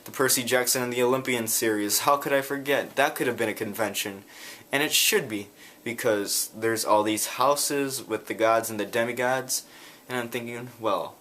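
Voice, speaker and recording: A man telling a rambling story in a casual vlog, talking in quick bursts. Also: medium pitch, a bit bright. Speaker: vlogger.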